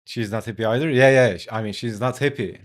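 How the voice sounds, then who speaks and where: This non-native English-speaking man talks fast in a medium-pitched voice, telling a relaxed, casual story while streaming his drawing. Swearing, leaning on "like" and laughing often, he keeps things loose.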